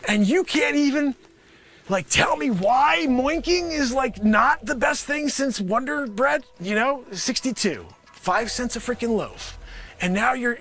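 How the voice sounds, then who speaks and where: A man doing an improvised comedy monologue, pitching a product with a sarcastic, rambling manner and talking back to an imagined panel of investors. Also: animated, unhurried, a bit bright, soft background music.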